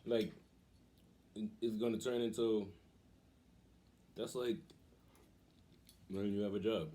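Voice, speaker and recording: Low, mellow-voiced man telling stories. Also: slow. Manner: animated, acts out quoted voices. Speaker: vlog host. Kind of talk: casual storytelling.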